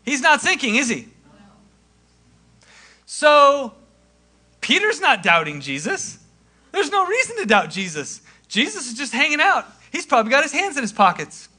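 A man preaching a sermon in a conversational way, acting out quoted lines and swinging from loud to hushed. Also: extremely high pitch, very animated, moderate pace. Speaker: pastor.

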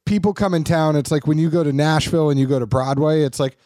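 A man's voice: on the high side, fairly even intonation, quick pace, warm tone, no echo. Rambling man on a dry close mic. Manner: rambling, self-correcting storyteller. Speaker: podcast host. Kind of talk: casual podcast chat.

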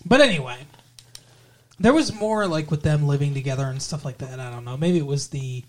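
A man's voice: a little high, fairly quick. A man hosting a casual podcast chat, rambling, trailing off and correcting himself as he goes. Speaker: podcast host.

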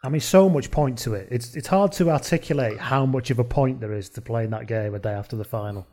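A man's voice: mid-range voice, fairly quick, a little mellow. A man co-hosting a podcast, reading out listener messages in casual chat, swearing and joking as he goes. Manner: chatty, swearing, laughing asides. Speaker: podcast co-host.

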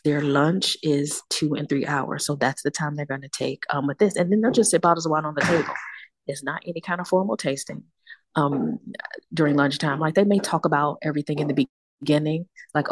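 Low-voiced, lively woman telling stories. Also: a little fast. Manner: animated storyteller, acts out quotes, slangy. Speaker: wine tour guest. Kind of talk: casual podcast chat.

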